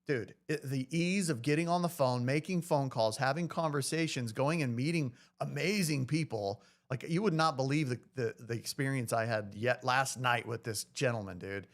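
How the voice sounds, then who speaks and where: Real estate agent guest, male, mid-pitched and gravelly, loose chatty storyteller. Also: normal speed, hardly any pauses. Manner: animated, chatty, says "dude" and "you know". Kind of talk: casual storytelling.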